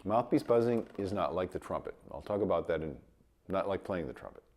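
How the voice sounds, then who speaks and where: A man teaching trumpet in a casual video lesson, his voice a bit rough from a cold, explaining with light chuckles. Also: low voice, brisk. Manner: relaxed explaining with light chuckles, sings sample tones.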